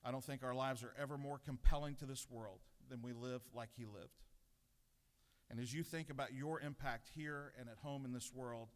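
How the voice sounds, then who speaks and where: In a large legislative chamber with long reverb, a middle-aged pastor gives an earnest devotional from a podium, combining self-deprecating stories with a spiritual challenge. His voice is medium-pitched, steady and smooth, at a normal speed.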